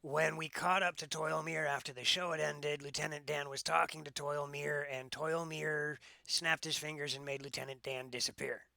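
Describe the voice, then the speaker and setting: Gravelly bright-voiced male player. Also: a little high, little pitch movement, no echo, studio quality. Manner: measured, politely formal in character. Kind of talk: in-character tabletop play.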